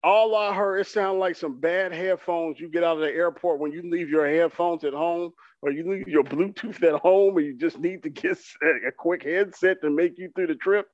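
A man rants for laughs on a podcast, animated and mock-boastful, acting out his own excitement as he goes. His voice sits a little high. The recording sounds muffled and dry. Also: normal speed, few pauses, dry recording. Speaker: podcast co-host. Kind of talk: comedic rant.

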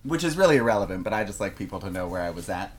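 A man co-hosting a podcast, telling a story in casual chat, animated and laughing a lot as he talks. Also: sits low, rapid-fire. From Canada. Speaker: podcast co-host.

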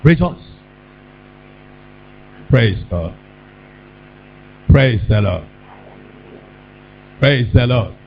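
A man preaching a sermon, calling out questions for the congregation to answer and breaking into sudden shouts. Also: medium pitch, animated, very slow, gravelly, pauses often. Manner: call-and-response preaching, bursts of shouting. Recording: dull lo-fi with mains hum.

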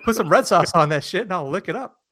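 A man co-hosting a podcast, telling stories animatedly and acting out quotes loudly in casual chat. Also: high-pitched, animated, quick pace, dry recording, studio quality. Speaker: podcast co-host.

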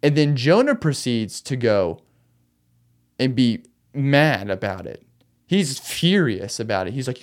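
A man's voice: medium pitch, very animated, a little slow. A man hosting a podcast, retelling a Bible story in a loose, chatty way with slangy asides. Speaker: podcast host.

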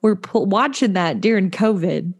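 A woman's voice: mid-range voice, moderate pace. A young woman, a therapist, chatting casually and rambling with her father. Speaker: mental health therapist. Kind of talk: casual family chat.

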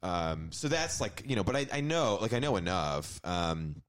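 A low-voiced man speaks as a podcast guest in casual chat. He rambles and gets worked up, and his pitch swings widely as he swears his way through points. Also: big pitch swings, moderate pace.

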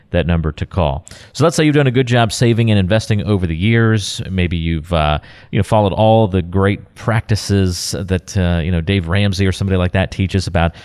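A man hosting a radio talk show, introducing topics and reading out the call-in number in a smooth, announcer-like way. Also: low voice, darkish tone. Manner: smooth announcer-like delivery, reads phone number.

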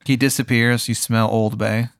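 Young man, deadpan comic game master. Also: mid-range voice, normal speed, clear, resonant tone. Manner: deadpan, laughs at his own bits. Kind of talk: improvised comic tabletop narration.

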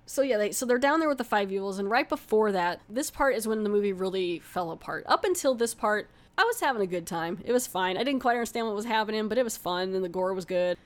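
A woman's voice: medium pitch, animated, fast, few pauses. Rambling woman reviewing a movie. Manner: rambling, many fillers. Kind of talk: casual spoken movie review.

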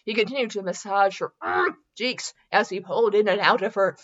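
A woman's voice: medium pitch, fairly quick, a bit bright, highs cut off. A woman podcast host reading fan fiction aloud for comedy, breaking off into giggles and self-mocking asides.

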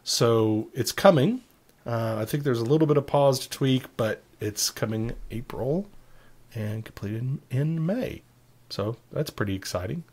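A man co-hosts a casual tech podcast. He talks at a middle pitch for a man. He explains software features at length and slips in joking asides. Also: expressive, measured pace. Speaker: podcast co-host.

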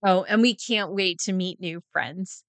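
A woman's voice: fairly low pitch, a little slow, fairly bright tone, no room sound. A woman hosting a casual faith podcast in an upbeat, enthusiastic way. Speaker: podcast host. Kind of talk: casual podcast chat and closing prayer.

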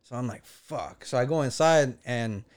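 A man telling a story in casual podcast chat, animated, acting out what others said and swearing often. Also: mid-range voice, a little fast. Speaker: podcast co-host.

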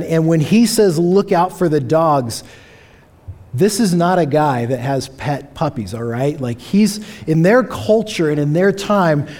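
Earnest preaching man, mellow voice. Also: on the high side. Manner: earnest, emphatic, repeats key phrases. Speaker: pastor. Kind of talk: sermon. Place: church sanctuary.

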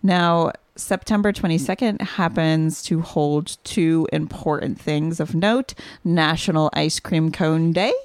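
A woman co-hosting a podcast with a slightly low voice, chatty and quick to giggle. Her voice is close and dry, with no room sound. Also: no echo. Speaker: podcast co-host. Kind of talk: casual chat.

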